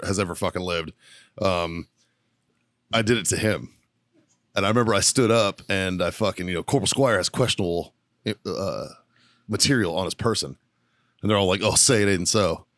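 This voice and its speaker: Profane male podcast host, lowish voice, dry close-mic sound, laughs through his story. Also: no echo. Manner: profane, swears constantly; lively anecdote teller, often breaking into laughter. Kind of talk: casual storytelling chat.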